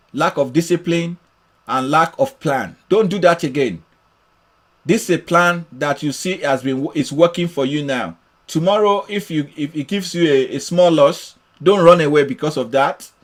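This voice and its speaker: Encouraging man reading out trader comments. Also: fairly high pitch. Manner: encouraging, reads viewer comments aloud, repeats phrases. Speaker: trading mentor. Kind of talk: live-streamed trading session.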